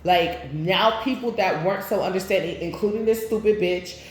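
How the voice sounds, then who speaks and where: A woman doing a tarot reading, talking in a loose, chatty, profane way with sudden loud bursts. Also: lowish voice, moderate pace, a little hiss or hum. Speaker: tarot reader. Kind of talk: casual spiritual reading and storytime. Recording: very echoey room.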